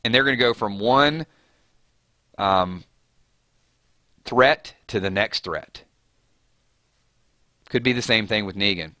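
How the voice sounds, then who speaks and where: A man hosting a live fan commentary stream, animated and argumentative in a conversational way. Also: fairly low pitch, takes it slowly, pauses often, no echo. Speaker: host.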